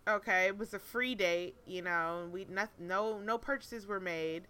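A woman in her late twenties co-hosting a podcast, telling stories in a profane, animated way and laughing often. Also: mid-range voice, a little slow, clean tone. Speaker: podcast co-host. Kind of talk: casual chat, storytelling.

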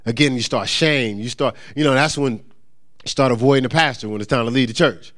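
A male pastor preaching a conversational sermon, joking with the congregation and stumbling into quick repeats and restarts. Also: medium pitch. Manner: lively, joking asides to the congregation.

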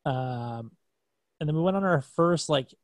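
A man's voice: fairly high pitch, expressive, a little slow, dry recording. A man who plays in a band, a guest in casual conversation, telling stories in a dry, self-deprecating way. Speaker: musician guest.

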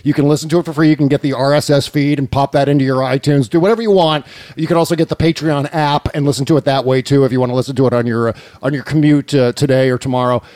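A man hosting a podcast, telling stories in a casual, animated, incredulous way and laughing often. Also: medium pitch, fast talker, no room sound, studio quality. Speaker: podcast host. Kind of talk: casual chat.

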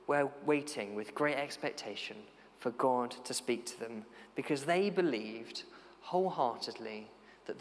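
Earnest male preacher in echoing hall. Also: medium pitch. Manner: earnest and conversational, with many rhetorical questions. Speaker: preacher and youth worker. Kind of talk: sermon. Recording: long church-hall reverb.

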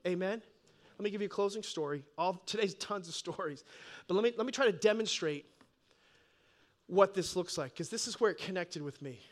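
A man in his fifties, a pastor telling a lively sermon story with excited bursts and laughs. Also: sits high, fairly quick. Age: 50s. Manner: animated, bursts of excited laughter and loud peaks. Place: church.

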